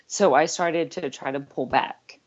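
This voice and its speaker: A woman's voice: low-pitched, measured pace, muffled recording. A middle-aged woman talking earnestly and candidly as a guest on an interview podcast, laughing now and then. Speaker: life coach guest.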